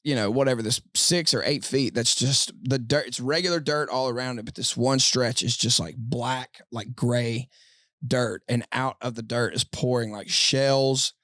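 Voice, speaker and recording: A man's voice: medium pitch, moderate pace, a bit bright, no room sound, studio quality. A man from Mississippi, a podcast guest telling a long story in a loose, rambling way full of fillers, recorded inside a tour bus. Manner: rambling, lots of "like" and "dude". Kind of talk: casual storytelling.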